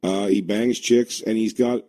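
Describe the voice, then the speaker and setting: A man's voice: lowish voice, steady tone, a little slow, mellow. A man co-hosting a comedy podcast, rambling through laid-back banter. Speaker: podcast co-host. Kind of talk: casual comedy chat.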